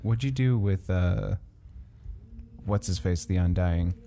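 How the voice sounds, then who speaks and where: A man's voice: sits low, slow pace, gravelly, dark tone. A man playing a tabletop game, joking and swearing casually. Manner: joking, profane. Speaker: player.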